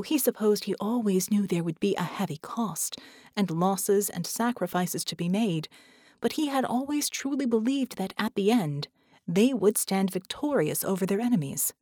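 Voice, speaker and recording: A woman narrating an audiobook in a measured, steady reading voice. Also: medium pitch, dry recording, clean studio sound. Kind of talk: scripted narration.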